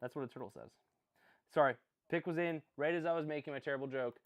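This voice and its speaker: This stream host reacts to picks at a moderate pace, his voice a little high with lively intonation. He drifts through rambling jokey asides, teases himself, and answers people in the chat.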